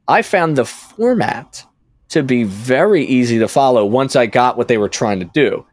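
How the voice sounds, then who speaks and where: A man hosts a casual podcast chat in a dry studio. He rambles, stops himself mid-thought and circles back to his point. His pitch sits in the middle of the male range. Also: expressive, moderate pace, dry recording. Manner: rambling, self-interrupting storyteller. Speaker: podcast host.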